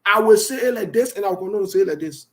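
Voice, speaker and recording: Defiant high-voiced radio host. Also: male voice, expressive, very fast, poor audio. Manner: defiant and passionate, repeats points for emphasis. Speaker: radio talk show host. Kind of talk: opinionated radio commentary.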